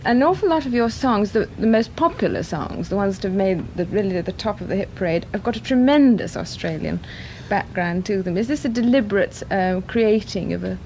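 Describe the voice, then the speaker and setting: A woman's voice: mid-range voice, lively intonation, a little fast, a little mellow, a little hiss or hum. A woman interviewer asking polite, formal questions in a vintage broadcast interview.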